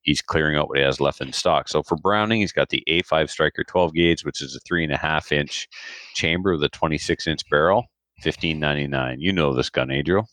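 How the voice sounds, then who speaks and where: A man's voice: a bass voice, a little fast, no echo. A man co-hosting a podcast, casually reading out a list of firearm deals and prices. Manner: relaxed, rattles off prices and specs. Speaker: podcast co-host.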